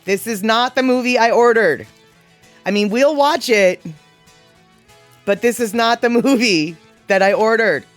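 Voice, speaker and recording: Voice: mid-range voice, unhurried, pauses often, soft background music. A livestream host in their forties chatting casually and reading viewer comments aloud, playfully exasperated.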